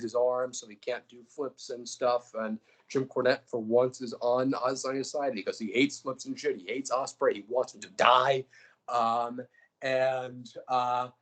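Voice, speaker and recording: A man's voice: medium pitch, a bit bright, low-quality recording. A young man, a podcast co-host, casually recapping fantasy-booked wrestling matches, rambling and joking with lots of fillers.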